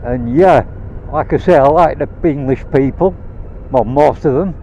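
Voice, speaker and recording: A man's voice: on the high side, moderate pace, dark tone, dull audio, a little hiss or hum. Heated, swearing man on a motorbike. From Rhodesia (now Zimbabwe). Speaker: vlogger. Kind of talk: angry rant while riding. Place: on a motorbike outdoors.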